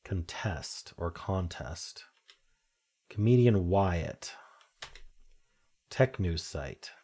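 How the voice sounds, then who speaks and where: A man's voice: low-pitched, expressive, very slow, mellow, breathy edge. A man thinking aloud while he solves a crossword, reading clues aloud and muttering half-sure guesses. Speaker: crossword-solving video host.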